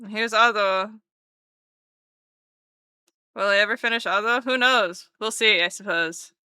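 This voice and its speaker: A woman's voice: mid-range voice, a little slow, bright, forceful tone, clean tone, no room sound, studio quality. A woman streamer chatting casually with her live chat while drawing, playful and teasing, often repeating words.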